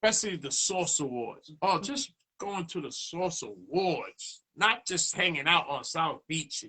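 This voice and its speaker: Animated DJ telling stories. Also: male voice, fairly high pitch, a little slow, slightly rough. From Boston, USA. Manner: animated, acts out dialogue in raised voice. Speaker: DJ guest. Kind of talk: casual storytelling interview.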